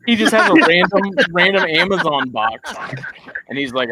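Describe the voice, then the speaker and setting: A man's voice: sits high, very animated, moderate pace, over a noisy crowd, poor audio. A man co-hosting a podcast, telling rambling stories in casual chat and acting out the people in them. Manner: rambling storyteller, acts out quoted people. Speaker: podcast co-host.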